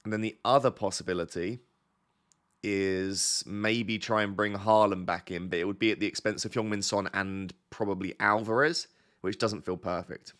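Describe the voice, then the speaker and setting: A man's voice: fairly low pitch, steady tone, moderate pace, a bit bright. A man talking casually on a live stream, rambling and self-deprecating as he thinks aloud to his chat, his voice slightly bunged up. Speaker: fantasy football streamer.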